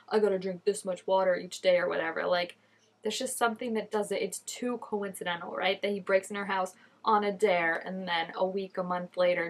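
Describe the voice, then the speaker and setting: A woman reacting to a TV episode in casual commentary, exclaiming, gasping and laughing often at the screen. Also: medium pitch. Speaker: TV show reactor.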